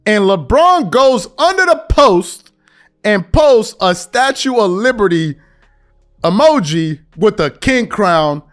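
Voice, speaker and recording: A New man riffs on basketball in casual, slang-heavy talk, his voice sitting high and swinging widely in pitch. He slips into fans' voices as he goes. Faint music runs underneath. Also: sing-song, takes it slowly. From New York. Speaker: podcast host. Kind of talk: casual sports commentary.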